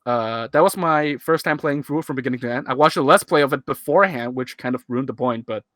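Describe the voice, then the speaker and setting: Talking fast in a mid-range, slightly bright voice, a Hong Kong man in his twenties comments on his own old video during a casual live stream. His Hong Kong English has a half-American flavor, and he rambles and chuckles with self-mocking humor. He uses a cheap USB microphone, though the sound is clean, studio-style and without room sound.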